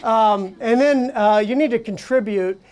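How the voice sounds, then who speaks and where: A woman presenting at a conference, speaking conversationally with animated storytelling and frequent fillers. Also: on the high side, unhurried. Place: conference venue.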